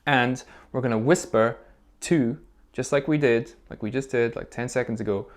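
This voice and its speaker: A man's voice: medium pitch, moderate pace. A male music teacher leading a recorder lesson video for children. He explains things patiently, step by step, and often checks in with "okay?". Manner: encouraging, checks in with frequent "okay?".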